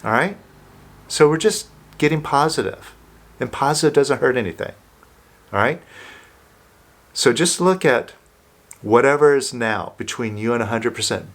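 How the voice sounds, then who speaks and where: Male self-help coach, unhurried delivery, mid pitch, guiding listener through an exercise. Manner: slow, calm, coaching listener through steps.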